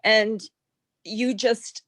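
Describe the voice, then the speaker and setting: Female webinar attendee, halting and effusive, dry video-call sound. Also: on the high side, steady tone, a bit bright, dry recording. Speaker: webinar participant. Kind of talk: casual chat.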